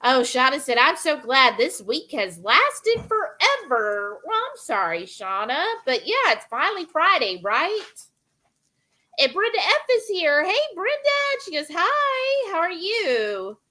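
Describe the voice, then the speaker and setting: A woman's voice: sits high, big pitch swings, a little slow, bright, forceful tone. A woman hosting a live cooking stream, casually reading out viewer comments and greeting each viewer by name. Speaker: cooking livestream host reading chat.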